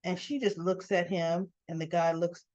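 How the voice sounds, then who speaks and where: A woman giving a casual, chatty recap of a soap opera episode. She often corrects herself mid-sentence and tags her points with a quick "right?". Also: lowish voice, level tone, a little mellow, highs cut off.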